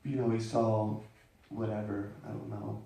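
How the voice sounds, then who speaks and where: A man's voice: fairly low pitch, flat delivery, moderate pace, creaky, mellow, far from the mic, a little hiss or hum. Man storyteller, rambling and self-mocking, heard from off-mic in a very echoey room. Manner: rambling, self-deprecating, with many restarts. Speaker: storyteller speaking to an audience. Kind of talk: personal storytelling to a live audience.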